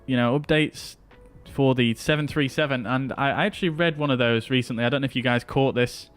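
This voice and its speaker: Faint music plays behind a man streaming a flight simulator, who chats casually with viewers as he flies. His voice is medium-pitched and fairly quick.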